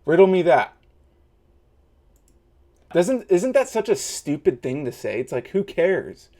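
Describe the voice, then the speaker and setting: A man's voice: fairly high pitch, very animated, normal speed, mellow. A man in his thirties hosting a reaction video, ranting in a heated, mocking way. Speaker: host. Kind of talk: reaction commentary.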